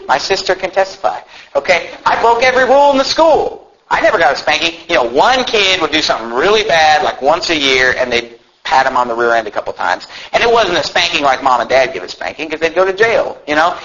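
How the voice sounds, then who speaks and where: A male pastor preaching a sermon, swinging from loud emphatic preaching to low asides. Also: muffled recording.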